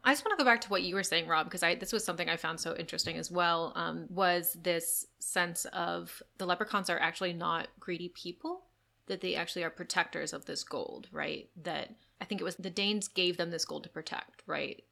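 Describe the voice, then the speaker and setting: A woman from the Los Angeles area with a low, gravelly voice. She talks chattily on a casual film podcast, her tone sharp and forceful and her speech full of fillers. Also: brisk. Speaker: podcast co-host.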